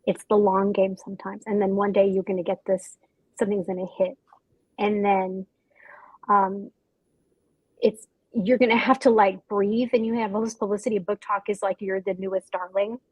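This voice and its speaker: Effusive woman author, husky and dry. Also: mid-range voice, level tone, dry recording, low-quality recording. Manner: effusive, gushing, talks fast with quoted asides. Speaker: author on a festival panel. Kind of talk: casual panel chat.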